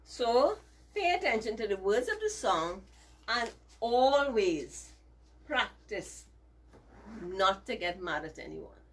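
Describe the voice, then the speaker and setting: Slow, lively-voiced woman teaching children. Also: mid-range voice, slightly rough, poor audio. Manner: slow, coaxing, asks children to repeat after her. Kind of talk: storytelling lesson for children.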